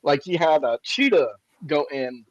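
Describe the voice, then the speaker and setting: A man co-hosting a podcast, recapping episodes in a relaxed casual chat with fillers. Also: fairly high pitch, measured pace, no echo. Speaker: podcast co-host. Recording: dull, dry lo-fi mic.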